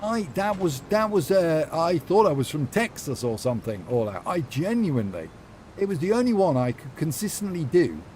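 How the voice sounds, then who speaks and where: Male streamer, young, playful and sassy, warm low-key tone, lively pitch. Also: moderate pace, a little hiss or hum. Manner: playful, sassy, rambling with lots of fillers. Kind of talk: casual live-stream chat while gaming.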